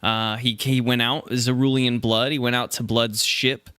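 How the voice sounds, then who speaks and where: A man's voice: medium pitch, level tone, unhurried, fairly bright tone, clean tone, no echo, clean studio sound. A man playing a tabletop game, chatting casually about his character with a rambling, self-correcting manner full of fillers.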